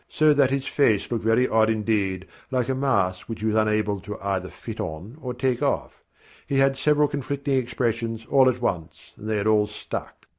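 A man reading a first-person story aloud in a measured, wry storytelling manner. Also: lowish voice. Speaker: narrator.

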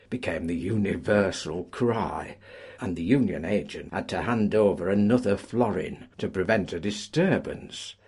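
A man narrating a story, measured and expressive. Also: low voice, slightly rough. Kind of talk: audiobook narration.

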